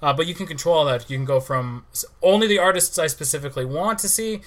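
Animated male podcast co-host, bright voice. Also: on the high side, fast talker. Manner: animated, exclaims and swears mildly. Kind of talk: casual chat.

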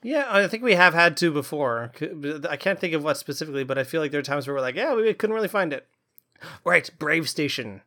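A man's voice: a little high, fast talker, hardly any pauses, bright, forceful tone. A man co-hosting a music podcast in casual chat, rambling and hesitant with lots of restarts. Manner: rambling, hesitant, self-deprecating. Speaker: podcast co-host, voice actor.

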